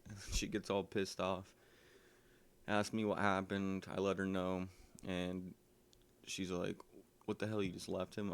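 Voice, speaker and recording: A man's voice: low voice, gravelly. A man casually telling a personal story, rambling with lots of ums and likes.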